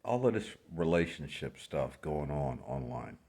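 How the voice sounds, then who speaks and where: A man's voice: extremely low pitch, lively intonation, measured pace, a little mellow. Blunt, exasperated man ranting on camera. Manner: blunt, slangy, repetitive, exasperated. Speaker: vlogger. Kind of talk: casual ranting commentary.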